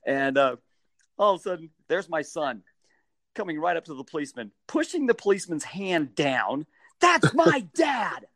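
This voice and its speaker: A middle-aged man telling a story in a casual interview, animated, jumping into high-pitched bursts when he acts out what people said. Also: moderate pace, no room sound, studio quality. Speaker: guest, stadium mascot performer.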